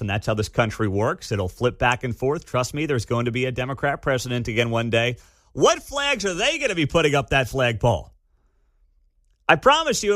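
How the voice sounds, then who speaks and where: A man hosting a talk radio show, giving opinionated commentary in a conversational, animated, slangy way. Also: medium pitch, no room sound, studio quality.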